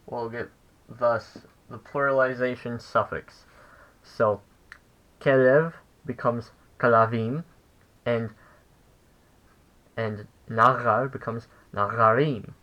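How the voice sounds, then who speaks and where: A young man giving a casual language lesson, halting and full of fillers as he corrects himself. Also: medium pitch, steady tone, pushed and bright, highs cut off. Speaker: language teacher.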